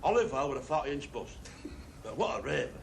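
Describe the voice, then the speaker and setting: An actor playing a brash, bawdy Northern English rugby joker in a 1970s television drama, with a Northern English accent. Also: male voice, mid-range voice, very animated, quick pace, vocal fry, over a noisy crowd. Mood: cheeky. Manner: cheeky, boastful joking.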